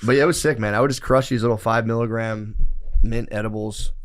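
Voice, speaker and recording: Fast-talking man telling a rambling story. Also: fairly low pitch, steady tone, slight background noise. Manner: rambling, profane, often laughing at himself. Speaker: podcast co-host telling a story. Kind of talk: casual comedic storytelling.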